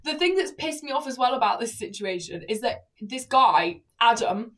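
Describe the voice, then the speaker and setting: A woman's voice: fairly high pitch, lively intonation, moderate pace, a bit bright, distant mic. A young woman, a podcast co-host, telling a story in casual chat and acting out the quotes, with frequent swearing. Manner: chatty storyteller, acts out quotes, swears often.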